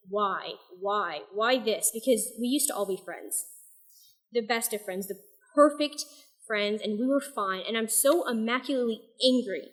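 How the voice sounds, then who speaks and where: Her pitch fairly high, a young woman gives a soft-spoken open mic reading of her own poems and a novel excerpt, slipping in a little self-deprecation between pieces.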